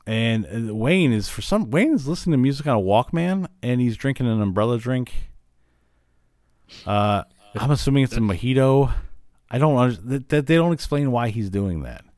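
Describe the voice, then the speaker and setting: A man's voice: mid-range voice, animated, moderate pace, a little mellow, no room sound, studio quality. A man from Illinois hosting a podcast, retelling a cartoon episode in a casual, rambling way with lots of fillers. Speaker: podcast host.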